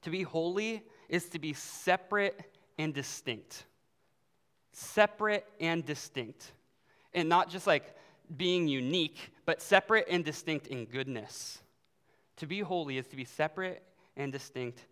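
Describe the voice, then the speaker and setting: Youth pastor, male, somewhat high voice, smooth and resonant; casual conversational sermon, long church-hall reverb. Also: measured pace, a bit bright. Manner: casual, conversational preaching with fillers.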